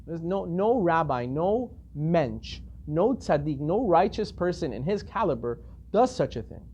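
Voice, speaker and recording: Animated male rabbi telling a story. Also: on the high side, measured pace, breathy edge, highs cut off. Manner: animated, acts out characters in the story. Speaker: rabbi lecturer. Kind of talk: storytelling lecture.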